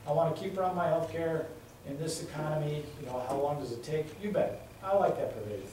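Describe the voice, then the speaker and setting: This congressional candidate, a middle-aged man, speaks quickly in a warm voice on the high side, weaving folksy stories into his campaign speech and repeating key points. The mic sits far away in an echoey indoor meeting room, with slight background noise.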